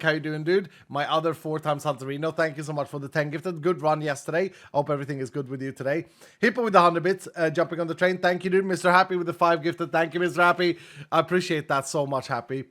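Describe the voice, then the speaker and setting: A man's voice: quick pace, a bit bright. A male streamer chatting casually and thanking viewers, his voice held back and subdued because an injured rib keeps him from pushing it. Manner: low-key, chatty, thanks viewers one after another. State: subdued, unable to push his voice from a cracked rib. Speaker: streamer reading out donations. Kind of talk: casual livestream chat.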